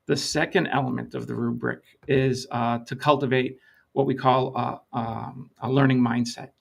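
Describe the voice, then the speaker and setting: Brief: gravelly middle-aged consultant guest, measured, explains through anecdotes. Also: male voice, medium pitch, little pitch movement. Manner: measured, storytelling with quoted dialogue. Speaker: lean consultant, interview guest.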